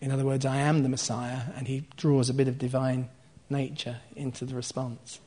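A man's voice: medium pitch, little pitch movement, normal speed. A man preaching, retelling and explaining a scripture passage in a conversational teaching style, with asides to his listeners. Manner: explains scripture line by line with asides and soft laughs.

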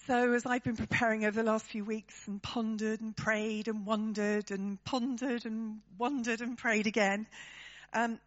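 A woman's voice: mid-range voice, muffled recording. A woman preaching a sermon to her church, talking conversationally and turning to the congregation with tag questions.

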